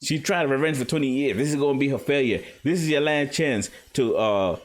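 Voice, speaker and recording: A man's voice: medium pitch, a little fast, voice pushed up, natural voice. A man voicing a cowardly, scheming male villain lord who wheedles and sneers theatrically. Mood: gloating.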